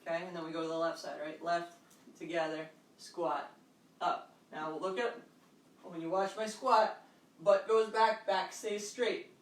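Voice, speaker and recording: A woman's voice: lowish voice, fairly even intonation, measured pace. A woman fitness instructor leading a live online workout class, upbeat and encouraging, calling out steps and counts at home. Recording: roomy echo, distant mic, faint background noise.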